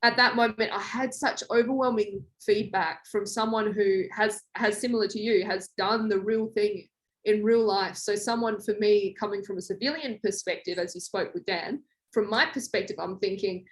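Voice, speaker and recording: A young woman guest in a podcast interview, telling a story in a lively way and acting out quoted lines. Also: moderate pace. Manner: animated, acts out quoted lines with big pitch jumps. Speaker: guest, former reality show contestant.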